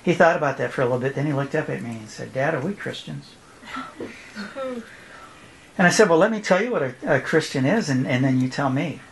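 Man telling an animated family story, noisy recording. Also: mid-range voice, very fast. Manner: animated, often laughing, acts out his children's voices. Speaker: former youth pastor speaking at a church event. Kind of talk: personal testimony storytelling.

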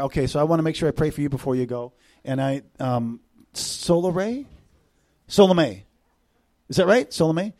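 A man's voice: on the high side, darkish tone. A middle-aged male preacher giving a sermon, reading scripture with emphatic swells and dropping into casual asides. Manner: casual asides with fillers like "you know" and "okay".

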